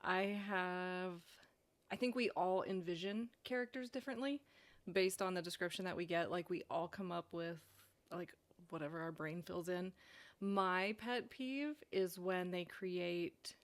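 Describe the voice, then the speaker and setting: A woman's voice: on the low side, measured pace. Self-deprecating woman podcast co-host. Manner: self-deprecating, laughs at herself. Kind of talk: casual chat.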